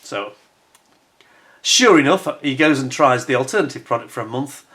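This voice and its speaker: A man's voice: medium pitch, expressive, normal speed, bright, forceful tone. A middle-aged man hosting his own channel, telling business anecdotes in a casual, chatty way, with asides and acted-out dialogue. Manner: chatty, repeats "he said", acts out quoted dialogue; self-assured, conversational asides. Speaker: channel host giving business advice. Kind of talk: casual anecdotal storytelling to camera.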